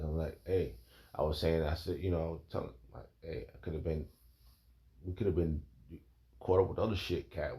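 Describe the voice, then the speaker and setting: A man's voice: sits low, dark tone. A man preaching in a rambling, emphatic way, reading scripture and calling his listeners "man" and "bro". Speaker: informal preacher.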